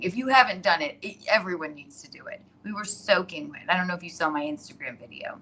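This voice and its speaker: A woman hosting a casual live stream from her iPad, telling stories in an excitable, rambling way and laughing often. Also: fairly low pitch, quick pace, few pauses, slight background noise.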